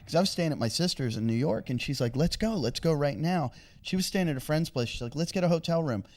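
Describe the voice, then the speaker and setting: A man's voice: on the high side, expressive, fast talker, darkish tone. A man who does stand-up comedy and co-hosts a podcast, telling a long crude anecdote in a rambling, casual way. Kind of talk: casual storytelling chat.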